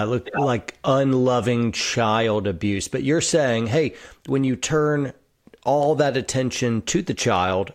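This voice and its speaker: Earnest male interview host. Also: mid-range voice. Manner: earnest, frequent affirmations, rephrases questions. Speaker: podcast host. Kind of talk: conversational interview.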